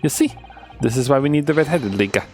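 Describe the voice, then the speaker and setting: A man's voice: mid-range voice, animated, fast, darkish tone, soft background music, voice pushed up, natural voice. A man putting on a shady witness with a hammy foreign accent. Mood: indignant. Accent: put-on foreign accent. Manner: theatrical, sing-song, pleading with 'eh?' tags. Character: excitable shady male witness, middle-aged.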